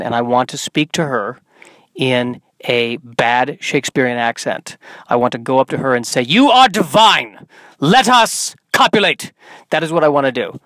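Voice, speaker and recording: A young man hosting his own podcast from inside a car, talking in a deadpan, self-mocking comedic monologue. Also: mid-range voice, no echo, rough recording. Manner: deadpan, self-mocking, slips into silly put-on voices. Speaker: podcast host.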